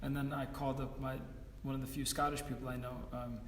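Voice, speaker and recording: A man's voice: mid-range voice, little pitch movement, quick pace, reverberant, long reverb tail, far from the mic, noisy background. A man in his forties, a musician chatting between songs at an online concert, rambling and self-deprecating with many fillers. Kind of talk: casual chat between songs.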